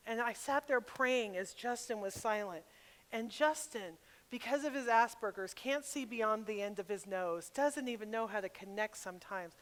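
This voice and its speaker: High-voiced woman telling a story in a hall. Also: measured pace. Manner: personal, animated storytelling with sudden loud bursts. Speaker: retreat speaker. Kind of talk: storytelling talk at a women's retreat. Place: large hall at a camp retreat. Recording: long reverb of a large hall.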